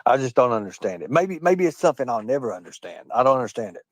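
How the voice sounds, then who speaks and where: Brief: confrontational male live-streamer, swears constantly, repeats himself, mid-pitched, dry close sound. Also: big pitch swings, fast, dry recording. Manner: combative, swearing, repetitive, addresses chat directly. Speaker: livestream host. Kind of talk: profane live-stream rant.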